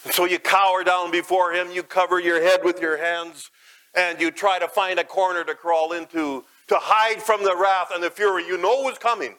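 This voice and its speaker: A man preaching a sermon as guided imagery, dramatic, swelling loud and high, then dropping soft and low. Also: fairly even intonation, normal speed, clear, resonant tone, low-quality recording.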